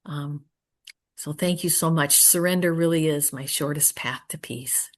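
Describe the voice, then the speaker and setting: A woman speaking at a recovery meeting, earnest and prayerful, often trailing off softly and pausing to search for words. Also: low-pitched. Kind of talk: personal share and Q&A answer.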